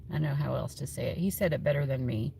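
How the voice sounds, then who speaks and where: A woman's voice: extremely low pitch, fast, creaky, dark tone, slight background noise. A woman hosting a tarot livestream from home on her phone, chatting casually and rambling with lots of fillers. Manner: chatty and rambling, many fillers, laughs often.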